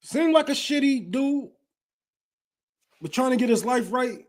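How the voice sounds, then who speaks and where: A young man from Detroit hosts a livestream and rants in a blunt, heated, profanity-laden way. His voice sits high for a man, and he talks fast and loose like casual talk among friends. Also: animated. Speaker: livestream host.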